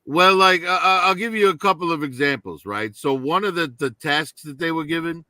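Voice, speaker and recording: Male co-host, bright voice, conversational storyteller who checks in with "right?". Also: fairly high pitch, brisk, no room sound. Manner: storytelling with frequent "right?" tags. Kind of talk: casual chat.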